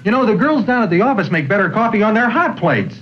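An actor playing a curt, complaining 1960s husband in an old TV commercial. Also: male voice, high-pitched, very animated, fast. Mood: grumpy. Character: grumpy 1960s husband in a suit. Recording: dull lo-fi vintage TV ad audio, faint hiss.

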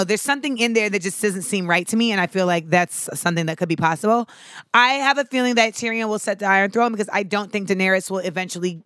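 A woman chatting casually and animatedly, swearing freely and acting out quotes with sudden shouts. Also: medium pitch, clear, resonant tone, no echo, clean studio sound. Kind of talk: casual chat about a TV show.

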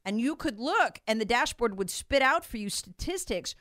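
A woman's voice: on the high side, animated, moderate pace, fairly bright tone, no room sound, clean studio sound. A woman giving emphatic political commentary, repeating her points and acting out what others said. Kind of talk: animated political talk.

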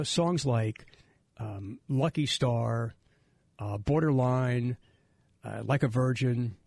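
Middle-aged radio host guy, gravelly and a bit husky, rambles and restarts a lot. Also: medium pitch, darkish tone, no room sound. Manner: rambling, self-interrupting storyteller. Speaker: radio talk show host. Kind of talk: casual radio talk.

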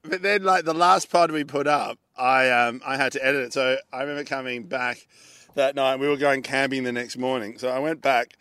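An Australian man, a comedian and podcast co-host, telling a long story in casual chat, animated and swearing freely as he acts out the people in it. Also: medium pitch, fairly quick, smooth, no echo.

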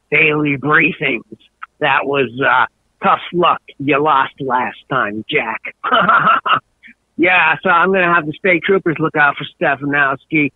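A man's voice: fairly high pitch, no room sound. A man on the phone putting on a boastful, goofy state governor who brags and mocks. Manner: bragging, gleeful, mocking, with laughs. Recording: tinny phone line.

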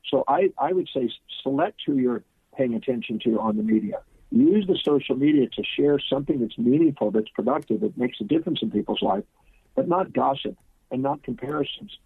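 A man's voice: medium pitch, animated, fairly quick, gravelly, husky, dry recording. A middle-aged man, a guest seminar teacher, gives confident, emphatic, instructive answers in an interview. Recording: tinny phone line.

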